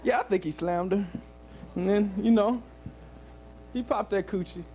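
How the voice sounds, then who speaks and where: A man's voice: high-pitched, a little slow, dull audio, soft background music. A male stand-up comedian doing a loose, profane club set and laughing at his own jokes.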